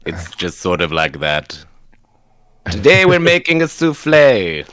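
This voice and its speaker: A man impersonating a suave older horror-film host, speaking in a slow, drawn-out, theatrical way. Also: deep voice, sing-song, a bit bright, no room sound, clean studio sound, voice pushed down, full character voice.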